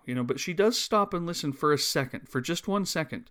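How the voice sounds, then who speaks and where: A man co-hosting a casual film discussion, earnest and halting, restarting his sentences often. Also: on the high side, expressive, a bit bright. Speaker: podcast co-host.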